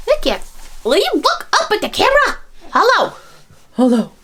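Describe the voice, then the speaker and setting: A woman voicing a mother cooing at her baby son in high sing-song baby talk. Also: wildly swooping pitch, normal speed, a bit bright, exaggerated voice.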